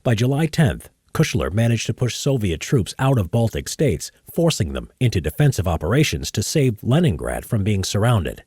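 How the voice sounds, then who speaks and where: Low-voiced man recording voice-over takes. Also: husky, no room sound. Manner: relaxed chatter between takes, then measured read-through narration. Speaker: history channel narrator. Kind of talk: casual live-streamed recording session. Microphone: studio microphone.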